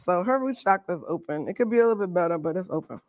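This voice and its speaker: A woman coaching a live Reiki workshop, chatty and quick to laugh, with casual slang as she walks a group through a demonstration. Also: fairly low pitch, lively intonation, a little mellow, no room sound. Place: workshop room with an audience.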